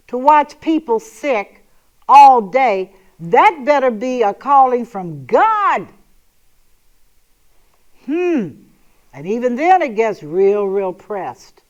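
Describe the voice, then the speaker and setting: A woman's voice: on the high side, muffled recording. A woman hosting a talk show, speaking in an emphatic, sassy and sometimes sarcastic monologue. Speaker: host.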